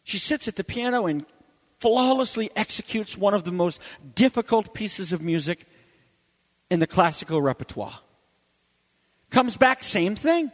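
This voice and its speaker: A man preaching a sermon with emphatic storytelling, rising and then dropping to quiet. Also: sits high, expressive, a little slow, long pauses. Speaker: pastor. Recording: long hall reverb.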